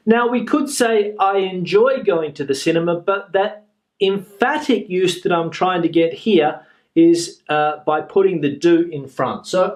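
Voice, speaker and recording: Slow, patient male teacher. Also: on the high side, expressive, a little mellow. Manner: slow, patient, repeats example sentences. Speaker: English teacher. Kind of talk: grammar lesson explanation.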